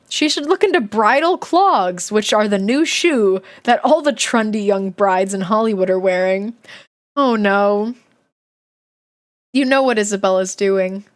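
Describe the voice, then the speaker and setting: A young woman streamer reading a children's diary book aloud and stopping to giggle and chat about it. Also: mid-range voice. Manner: giggly, chatty, breaks off the reading to react.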